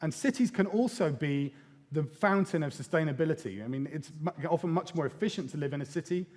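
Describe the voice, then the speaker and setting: A man's voice: fairly high pitch, a little fast. Irreverent man speaking in a reverberant hall. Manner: lively and irreverent, with casual swearing and acted quotes. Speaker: conference speaker. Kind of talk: live conference talk.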